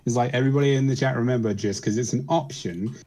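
A man's voice: mid-range voice, fast talker, dark tone. A man chatting on a stream, crude and joking, often laughing. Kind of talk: casual chat on a stream.

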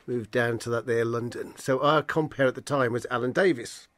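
A man's voice: mid-range voice, fairly even intonation, normal speed, a bit bright, no room sound. A man hosting a radio chat show, asking short questions and reminiscing about the comedy club scene. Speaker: radio host.

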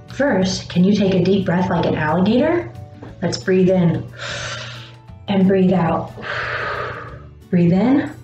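A woman teaching young children about feelings, speaking slowly and encouragingly and pausing for their answers. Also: on the low side, warm tone. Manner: slow, encouraging, pauses for answers. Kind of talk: gentle lesson for young children. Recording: dull roomy sound with faint music.

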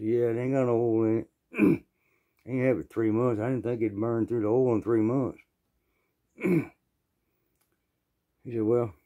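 A man with a Southern US accent telling a rambling work story in a folksy, plainspoken way, often clearing his throat. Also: mid-range voice, mellow. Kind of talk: casual storytelling.

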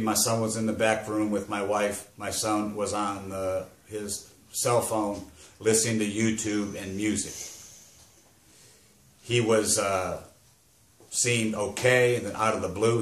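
A middle-aged man giving a personal testimony as a grieving father, halting and rambling, struggling to hold back emotion. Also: on the low side, fairly even intonation. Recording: roomy echo.

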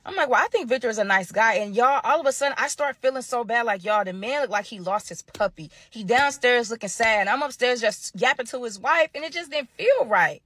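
A young adult woman telling a personal story in a chatty, animated, slangy way. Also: a little high, brisk, few pauses, no room sound. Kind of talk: casual storytime.

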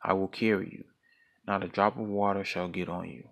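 A man's voice: deep voice, steady tone, normal speed, vocal fry, a bit bright. A man voicing a gullible, eager male shark in a folktale reading, pleading earnestly.

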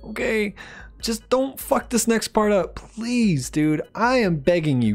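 A man playing a game on his channel, swearing and pleading with the game in frustration, swinging from mumbles to yells. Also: high voice, unhurried. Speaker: gaming YouTuber. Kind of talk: let's play commentary.

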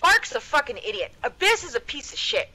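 A woman's voice: high voice, big pitch swings, fairly quick, sharp tone, low-quality recording. A woman in her thirties at home, venting bluntly and profanely to a friend in a casual voice chat. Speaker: gamer in voice chat.

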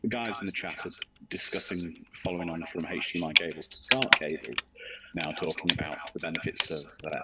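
A man's voice: deep voice, steady tone, a little fast. A man co-hosting a live stream, relaying chat discussion in a matter-of-fact way. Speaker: stream co-host reading the chat. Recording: distant voice, heavy line noise.

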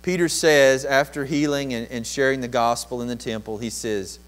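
A man's voice: medium pitch, fairly quick, rough recording. Impassioned male preacher, swelling delivery. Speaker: pastor. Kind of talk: sermon.

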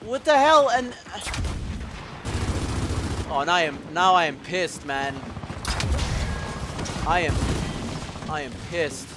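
A young gaming channel host with a high voice rages at a game, shouting, cursing and groaning in sudden outbursts. His intonation is lively but his pace is slow with frequent pauses. Loud game sounds and other background noise play under his voice.

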